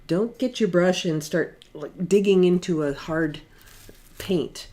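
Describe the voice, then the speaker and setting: A middle-aged woman giving a casual watercolor painting demonstration in her studio, talking in a relaxed, chatty way with fillers. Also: lowish voice, takes it slowly. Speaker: watercolor art instructor.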